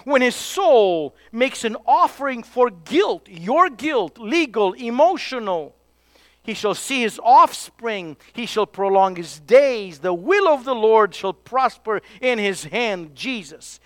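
Male preacher, high voice, smooth and clear, emphatic sermon delivery. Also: expressive, slow pace, no room sound. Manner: emphatic, drops to hushed tones for key points.

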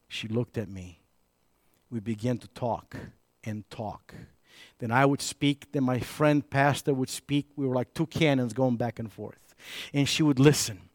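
A man's voice: medium pitch, normal speed, dry recording. Emphatic preacher man, dry close sound. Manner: swings from raised, emphatic preaching to hushed, intimate storytelling; repeats and restarts words when telling stories. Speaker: pastor. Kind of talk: sermon.

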